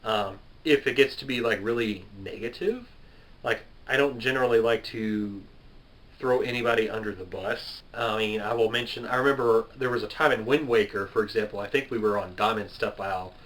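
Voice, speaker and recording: A man's voice: on the low side, brisk, a bit bright, rough recording. A man in his twenties, a gaming video creator, answering viewer questions in a loose, rambling way and laughing at himself. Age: 20s. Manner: chatty, self-deprecating, laughs at himself and drifts off topic. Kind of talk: casual rambling Q&A to camera.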